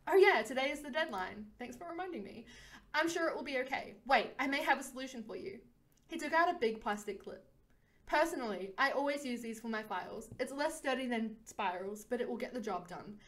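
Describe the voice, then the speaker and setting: A soft-spoken, helpful young man from a story game, calm and reassuring, as a woman reads his lines. He stays warm and patient the whole time. His voice sits a little high. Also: fairly quick. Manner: gentle, reassuring. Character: kind helpful young man at a campus office.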